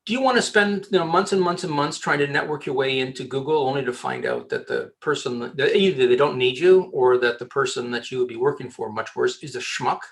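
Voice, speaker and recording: A man, a headhunter giving casual career advice as a podcast guest, animated and joking, often restarting his sentences. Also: mid-range voice, a little fast, vocal fry, few pauses.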